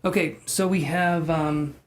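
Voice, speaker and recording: A man's voice: fairly high pitch, steady tone, a little slow. A man live-streaming tarot readings, chatting with viewers in a joking, self-deprecating way. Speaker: tarot reader.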